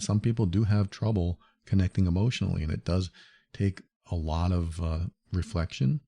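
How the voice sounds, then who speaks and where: A man with a very dark, mellow voice and a slightly low pitch, talking to his listeners in an earnest, reassuring way on a solo advice podcast. He leans on repetition to drive his points home. He is recorded close to the microphone. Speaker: podcast host.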